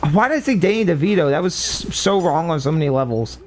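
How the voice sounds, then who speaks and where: A man's voice: fairly high pitch, expressive, fast talker, faint music behind. A man chatting casually while streaming a video game. He rambles, mocks himself and swears offhand. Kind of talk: casual gaming stream chat.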